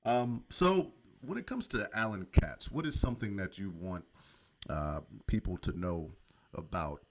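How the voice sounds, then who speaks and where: A man with a very low voice hosts a radio interview. He asks his questions in an easygoing way, with plenty of "uh" and "um" and warm affirmations of what his guest says. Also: a little slow. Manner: relaxed, affirming interviewer with many fillers. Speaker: radio show host. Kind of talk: casual interview.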